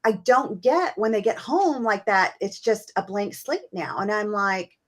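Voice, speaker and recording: A woman hosting a casual conversation at a mid-range pitch. She talks earnestly and thinks aloud, filling her sentences with "you know" and "like.". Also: measured pace. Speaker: host.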